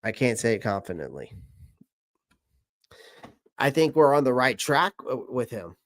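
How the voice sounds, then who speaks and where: A man's voice: medium pitch, sing-song, unhurried, dry recording, studio quality. A man from South Carolina, hosting a casual live stream, reading out viewer comments and answering them in a chatty way that repeats his points. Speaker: channel host answering live chat.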